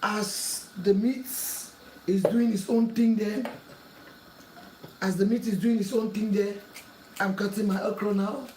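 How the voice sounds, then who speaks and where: A woman's voice: medium pitch, steady tone, unhurried, long pauses, background noise. A woman hosting a home cooking tutorial in her kitchen, repeating earnest pleas and warnings as she works. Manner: earnest, repetitive pleading warnings. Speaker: cooking channel host. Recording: echoey kitchen, mic at a distance, clattering pots.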